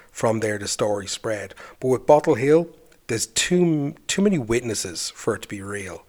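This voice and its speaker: A man hosting a podcast, narrating a folk tale and then chatting reflectively about it. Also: medium pitch. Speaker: folklore podcast host. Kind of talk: storytelling narration.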